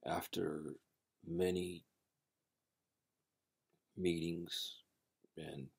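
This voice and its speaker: Deep husky guy rambling on, lots of ums and restarts, chatty intro to a story reading. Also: level tone, darkish tone. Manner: rambling, halting, many fillers and restarts. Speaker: storytelling channel host. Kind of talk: casual spoken intro before a reading.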